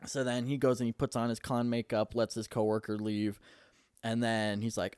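A man's voice: mid-range voice, little pitch movement, normal speed, darkish tone, clear, resonant tone, no room sound, clean studio sound. A young man in casual chat, rambling on as he retells a story and swearing constantly.

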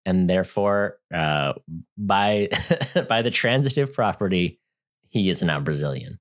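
A man co-hosting a casual movie-review podcast, cracking dry, deadpan jokes. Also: deep voice, a little slow. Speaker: podcast co-host.

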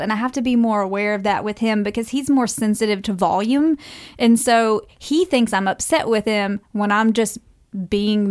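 A middle-aged woman joins a podcast discussion with a fairly high voice. She is loud by nature and speaks with plain force.

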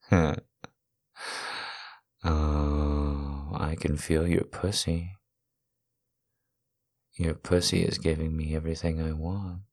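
A man voicing a dominant, possessive lover in an erotic audio role-play, giving commands and repeating short demands. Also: sits low.

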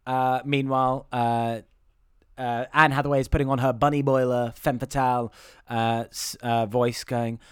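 A man recapping a film on a podcast, rambling and sarcastic, slipping into quick mocking impressions of the characters. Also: medium pitch, level tone, clear, resonant tone, dry recording, clean studio sound. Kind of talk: casual comedic chat.

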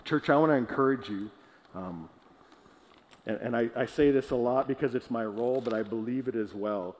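A man's voice: mid-range voice, darkish tone. Earnest male pastor preaching in a reverberant hall. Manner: earnest preaching with slow emphatic pauses and small restarts. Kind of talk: sermon. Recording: long reverb of a large hall.

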